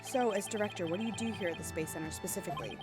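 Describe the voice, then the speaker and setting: A woman voicing a dry, sarcastic male defense lawyer in a wry, deadpan manner. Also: fairly low pitch, racing, music in the background, lightly acted.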